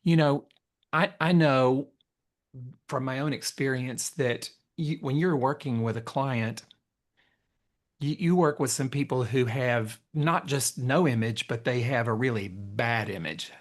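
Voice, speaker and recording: A man hosting a podcast interview, talking expressively, telling stories and laughing easily. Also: medium pitch. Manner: expressive, storytelling, quick to laugh. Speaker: podcast host. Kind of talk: conversational interview.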